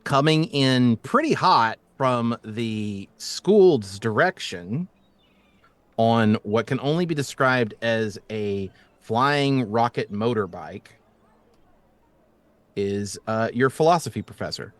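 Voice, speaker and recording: A man's voice: medium pitch, lively intonation, dry recording. A man running a tabletop role-playing game, narrating scenes with frequent ums and restarts. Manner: halting, full of ums and restarts. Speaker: game master.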